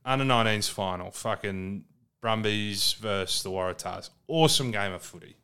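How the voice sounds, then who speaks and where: A man's voice: on the low side, normal speed, sharp tone, clear, resonant tone. An Australian man co-hosting a podcast, chatting casually and bluntly about rugby with lots of swearing. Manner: blunt, sweary, laid-back. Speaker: podcast co-host. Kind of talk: casual sports chat.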